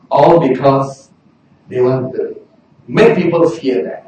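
A man preaching a sermon in a lively way, often rising to a shout for emphasis. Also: mid-range voice, slow pace, pauses often, a little hiss or hum. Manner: animated, bursts into shouting for emphasis. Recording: very echoey hall, mic far off.

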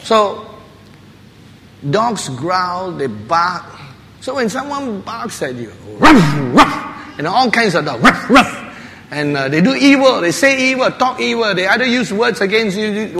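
Bright-voiced male preacher in echoing hall. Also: high-pitched, moderate pace, creaky. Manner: animated storytelling with laughter, barking imitations. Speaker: pastor. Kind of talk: sermon. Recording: long hall reverb with faint ambience.

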